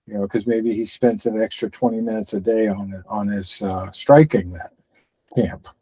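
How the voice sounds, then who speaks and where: A man's voice: on the low side, steady tone, normal speed, mellow, husky, no room sound, rough recording. A man co-hosting a fight-sports podcast, chatting casually and rambling with lots of fillers. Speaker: podcast co-host.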